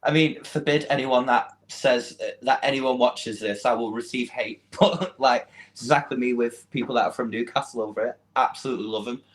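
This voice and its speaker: A man's voice: medium pitch, moderate pace. A man with a Mancunian accent chatting as a podcast guest, giggly and self-deprecating, laughing often. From Manchester, England. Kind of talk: casual chat.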